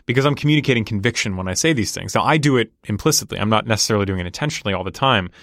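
Guy talking fast and sure of himself, lowish voice, dry close sound. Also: expressive, fairly bright tone, no room sound. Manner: fast, confident, explanatory. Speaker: negotiation guest. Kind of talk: casual conversation.

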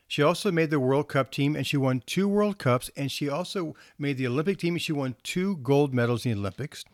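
With a slightly high voice and a somewhat fast pace, a male counselor delivers a storytelling talk for parents. He sounds relaxed and conversational, with minor restarts, in clean studio sound free of room noise.

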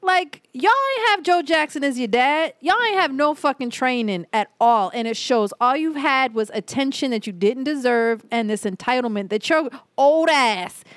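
A woman's voice: sits high, lively intonation, normal speed, hardly any pauses, no echo, clean studio sound. A woman co-hosting a podcast in casual chat, blunt and profane as she rants. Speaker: podcast co-host.

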